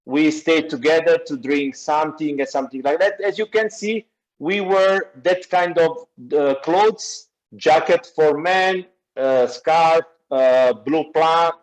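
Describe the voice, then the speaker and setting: A man with a noticeable Italian accent talks haltingly over a video call. His voice sits a bit high, and his explanations are broken up by frequent filler sounds. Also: low-quality recording. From Naples, southern Italy. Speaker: guest speaker. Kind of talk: explaining pictures in an online class.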